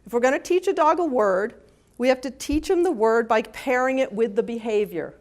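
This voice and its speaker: A woman gives a talk at a conference in a slightly high voice. She speaks with lively energy and now and then jumps into high, playful voices for dogs and their owners. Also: fairly quick. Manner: lively, acts out dogs' and owners' voices with big pitch jumps. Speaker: animal behavior consultant. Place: conference hall.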